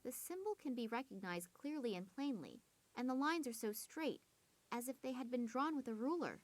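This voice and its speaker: A woman's voice: on the high side, animated, normal speed. An actress playing an earnest young woman puzzling over a clue in a game. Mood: musing. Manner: earnest, musing. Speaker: game protagonist.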